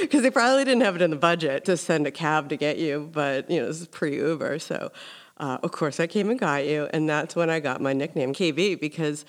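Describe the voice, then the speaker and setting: Low-voiced woman hosting a lively chat. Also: fairly quick. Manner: animated storytelling, frequent "like" fillers. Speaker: podcast host. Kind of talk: casual interview chat.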